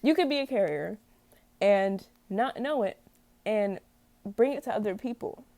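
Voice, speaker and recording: A woman's voice: medium pitch, lively intonation, measured pace, mellow, no echo. A young woman ranting casually to camera, rambling and exasperated, stumbling over words and laughing at herself. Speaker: vlogger.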